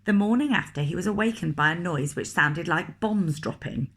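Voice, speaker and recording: A woman reading a picture book aloud to children, expressive and asking the listener questions. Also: lowish voice, normal speed, husky. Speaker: teacher reading a story to children.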